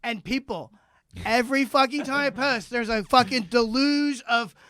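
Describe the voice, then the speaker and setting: Comic host, very high piercing voice, dry close sound, swears through an agitated rant. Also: male voice, moderate pace, sharp tone, no echo. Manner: profane, agitated ranting. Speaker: podcast co-host. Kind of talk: comedic rant. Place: club basement studio.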